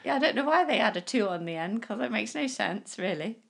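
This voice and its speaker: A woman's voice: a little high, lively intonation, brisk, gravelly, husky. A middle-aged woman from England chatting easily with her son on a podcast, laughing often and speaking fondly. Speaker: guest. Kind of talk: casual chat.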